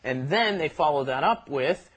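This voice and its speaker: A man's voice: fairly high pitch, expressive, moderate pace, slightly rough. A man co-hosting a language lesson, explaining phrases in a chatty way and laughing as he goes. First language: English. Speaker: co-host of a Korean lesson podcast.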